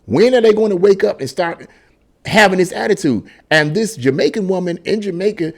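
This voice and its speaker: Emphatic, rambling man with a higher voice. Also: a little fast, gravelly. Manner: rambling, emphatic, many restarts and repeated words. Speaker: political commentary vlogger. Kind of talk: casual opinion monologue.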